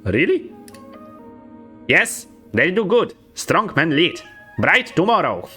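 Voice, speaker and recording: A man's voice: on the high side, big pitch swings, takes it slowly, pushed and bright, faint music behind, voice pushed up, heavily acted. A man voicing a small male kobold guard who speaks in blunt, broken phrases while reading game dialogue aloud. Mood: gruff, clipped. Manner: clipped broken speech, blunt and hostile.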